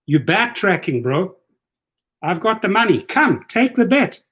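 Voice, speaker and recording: A man's voice: sits high, big pitch swings, unhurried, a bit bright. A man hosting a casual livestream, taunting a viewer in a combative, repetitive way. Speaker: livestream host.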